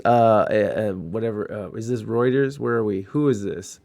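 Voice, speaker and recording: Laughing, animated man reading news. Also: mid-range voice, normal speed, hardly any pauses, dry recording, studio quality. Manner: laughing, swearing, riffing between read lines. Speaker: podcast host. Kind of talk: casual chat reading news aloud.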